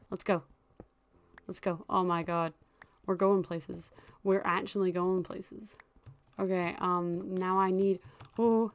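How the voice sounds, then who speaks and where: A young woman giving casual, chatty commentary while she plays a video game, often breaking into excited squeals and laughter. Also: medium pitch. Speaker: gaming YouTuber.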